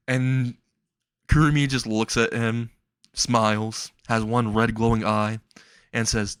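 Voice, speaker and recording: A man's voice: mid-range voice, fairly even intonation, a little slow, no room sound. A man telling a comedic story casually, crude, rambling and often laughing.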